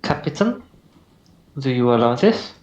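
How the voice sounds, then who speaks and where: Brief: a man doing a polite snake-folk druid woman, put-on Spanish accent, hesitant delivery, mid-pitched, roomy sound. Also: sing-song, takes it slowly, darkish tone, dull audio. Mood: polite, curious. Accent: attempted Spanish accent. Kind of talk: tabletop role-play voicing.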